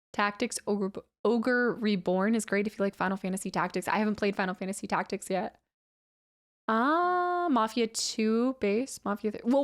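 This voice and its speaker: A woman game streamer in casual chat with her viewers, chatty and rambling, easily amused. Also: mid-range voice.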